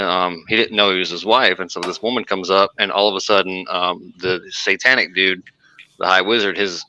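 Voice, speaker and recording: A man's voice: sits low, bright, forceful tone, clean tone, poor audio. A man telling a long story on a casual podcast, rambling with lots of fillers and restarts. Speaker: podcast co-host.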